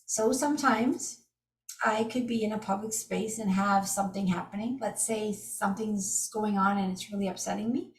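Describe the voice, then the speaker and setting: A middle-aged woman speaks at a moderate pace in a mid-range voice, teaching an energy healing method through enthusiastic, casual storytelling with lively asides. She sounds distant from the microphone in an echoey room.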